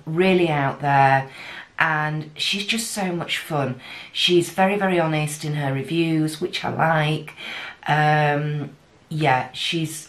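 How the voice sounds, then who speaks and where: A woman from the UK chatting casually through a makeup unboxing, giddy, with gasps and breathy exclamations. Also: low voice. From United Kingdom. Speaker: beauty vlogger.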